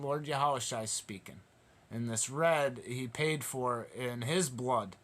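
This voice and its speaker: A man's voice: medium pitch, fairly bright tone. Emphatic, passionate male preacher. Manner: emphatic and repetitive, with slow drawn-out scripture reading; passionate, stirred up. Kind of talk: Bible study sermon.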